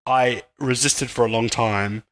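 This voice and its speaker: A man co-hosting a gaming podcast, telling stories in a deadpan, mock-tragic way. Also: medium pitch, a little slow. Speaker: podcast co-host. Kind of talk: casual gaming podcast chat.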